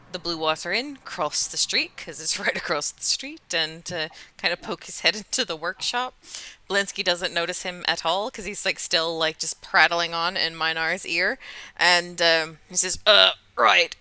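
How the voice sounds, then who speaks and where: Bright-voiced woman running a tabletop game. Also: fairly low pitch, clean tone. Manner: laughs often, easygoing and chatty. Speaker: game master. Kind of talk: narrating a tabletop game online.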